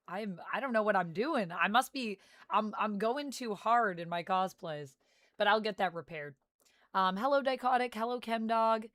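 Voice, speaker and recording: A young woman from Canada chats with her stream audience, greeting viewers one by one. Her voice is smooth and clear, and the sound is dry and close. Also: medium pitch, unhurried, fairly bright tone, dry recording. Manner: chatty, greets viewers by name. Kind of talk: casual livestream chat.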